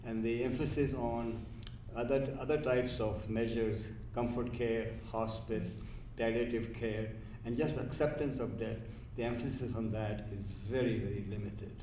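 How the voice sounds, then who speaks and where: A man speaking as a physician on a panel, in a measured way and correcting himself mid-sentence. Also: mid-range voice, steady tone, dark tone, slight background noise. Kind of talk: panel discussion remarks. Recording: distant mic in echoey room.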